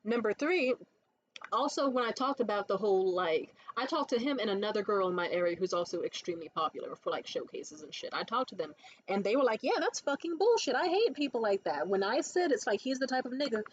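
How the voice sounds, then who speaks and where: A woman's voice: medium pitch, fairly quick, dull audio. Profane woman ranting to camera. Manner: blunt, profane, animated storytelling. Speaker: comedy show producer. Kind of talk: casual rant to camera.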